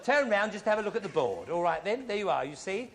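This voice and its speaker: A man hosting a television game show, teasing contestants with quick puns and jokes. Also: sits high, big pitch swings. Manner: teasing, quick-witted, punning. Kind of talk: joking studio game-show patter. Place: television studio before an audience. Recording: noisy studio with loud audience.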